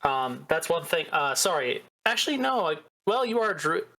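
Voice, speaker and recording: A man's voice: fairly high pitch, big pitch swings, normal speed, vocal fry, sharp tone. A man running a tabletop game as game master, talking casually with restarts and fillers.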